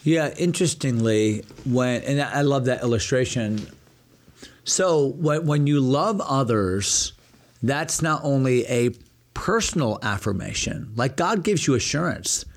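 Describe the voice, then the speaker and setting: A man's voice: mid-range voice, animated, a little slow. A pastor teaching a Bible passage in a conversational discussion, earnest and working through his points with rhetorical questions.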